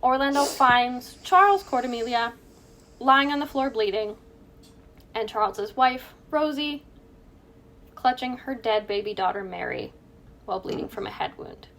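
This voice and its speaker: A woman's voice: fairly high pitch, expressive, measured pace, long pauses, fairly bright tone, slight background noise. A woman co-hosting a true crime podcast, chatting casually, joking and laughing at her own asides. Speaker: podcast co-host.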